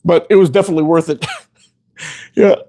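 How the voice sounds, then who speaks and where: A man's voice: on the high side, steady tone, fairly quick, gravelly, mellow. A man hosting a casual show, telling rambling stories full of profanity, often laughing. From Canada. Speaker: host. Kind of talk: casual storytelling chat.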